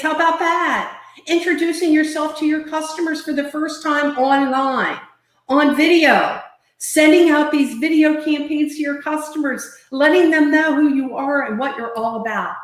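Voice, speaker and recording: A woman sales trainer giving an emphatic, coaching talk over a live video stream, repeating herself often. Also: high-pitched. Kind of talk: motivational online talk. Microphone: webcam or laptop mic on a live video stream. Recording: roomy echo.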